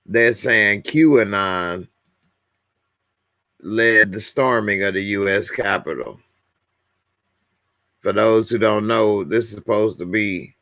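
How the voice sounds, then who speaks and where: A man's voice: on the low side, fairly bright tone, dry recording, studio quality. A man hosting a casual livestream, bluntly commenting and reading viewers' comments aloud. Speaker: livestream host.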